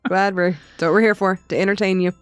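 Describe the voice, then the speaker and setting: A woman's voice: medium pitch, fairly even intonation, fast, clear, resonant tone, no echo, soft background music. A woman co-hosting a podcast in casual chat. She is easygoing and agreeable and sometimes trips over names. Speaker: podcast co-host.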